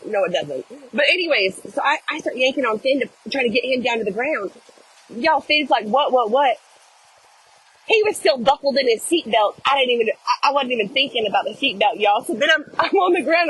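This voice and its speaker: A middle-aged woman telling a dramatic story to her viewers in a casual, animated way, often saying "y'all". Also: high-pitched, quick pace, slightly rough, rough recording. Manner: animated, addresses viewers as "y'all", acts out shouting.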